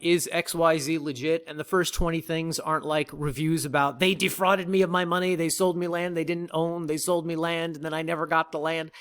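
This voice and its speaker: A man's voice: on the high side, fairly bright tone. A man hosting a casual land-sales video, talking straight to viewers with a wry, joking manner. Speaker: land company host.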